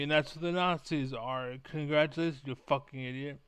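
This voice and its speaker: Ranting, profane man with a smooth voice. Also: a little high, fairly even intonation, brisk, hardly any pauses, fairly bright tone, no room sound. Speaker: gaming vlogger. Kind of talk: angry rant to camera.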